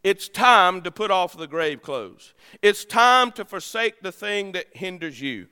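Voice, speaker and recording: A male pastor delivers a sermon in a church, his voice high and bright. He swings between loud, ringing declarations and hushed, low phrases. The sound carries a long reverb from the large sanctuary. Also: big pitch swings, measured pace, clear, resonant tone. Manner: preaching with dramatic swings in pitch and loudness.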